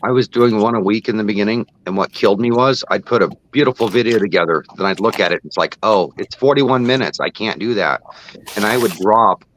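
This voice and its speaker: A man's voice: fairly low pitch, quick pace, few pauses, fairly bright tone, slight background noise. A man chatting on a live stream, rambling through his explanations with lots of fillers. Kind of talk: casual live-stream chat.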